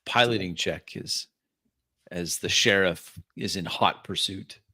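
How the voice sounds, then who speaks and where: A man running a tabletop role-playing game as game master, narrating the scene in a slow, halting way. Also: low-pitched, pushed and bright, no room sound.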